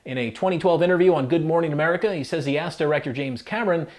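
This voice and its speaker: A man's voice: on the high side, rapid-fire. A man hosting a casual countdown video, narrating in an upbeat, chatty way with playful asides to the listener. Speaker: host.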